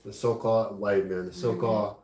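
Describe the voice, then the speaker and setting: A man's voice: on the low side, steady tone, fairly quick, darkish tone. Echoey man teaching, asking "right?" constantly. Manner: frequently asks "right?". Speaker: class teacher. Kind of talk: religious study class. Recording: echoey room.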